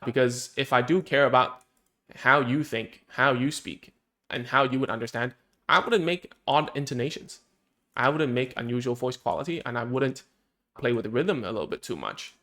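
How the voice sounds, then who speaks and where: A man's voice: medium pitch, moderate pace, pushed and bright. A man, a speech therapist, explaining in a casual, conversational way, thinking aloud and often checking in with "right?" and "okay?".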